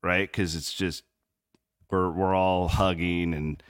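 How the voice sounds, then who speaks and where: Man from Southwest Iowa, deep smooth voice, dry close sound, rambling sports podcast co-host. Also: level tone, slow pace, dry recording. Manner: rambling, filler-heavy. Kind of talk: casual sports chat. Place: on the road in Memphis.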